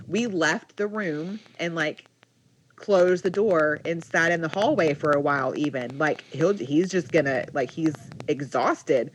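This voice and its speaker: A woman's voice: deep voice, a little slow, a little hiss or hum, rough recording. Young woman telling a story animatedly. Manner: animated storytelling, heavy use of "like". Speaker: podcast co-host. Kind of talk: casual storytelling chat.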